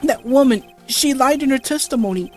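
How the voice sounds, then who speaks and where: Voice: brisk, faint music behind, natural voice. A reader voicing a desperate male death-row convict, pleading his innocence in a visual novel game. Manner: high, loud, desperate pleading. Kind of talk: reading game dialogue aloud.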